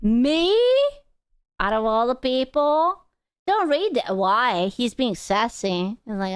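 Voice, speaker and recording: Slow, teasing woman. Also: a little high, lively intonation, smooth. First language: Hungarian. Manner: crude, teasing, swears freely. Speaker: streamer. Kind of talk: casual stream chat.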